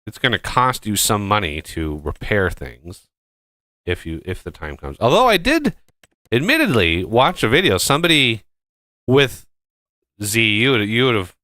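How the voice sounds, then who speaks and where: A man's voice: on the low side, sing-song, moderate pace, bright, forceful tone, no room sound. A man giving casual gameplay commentary as a streamer, rambling with many fillers and restarts.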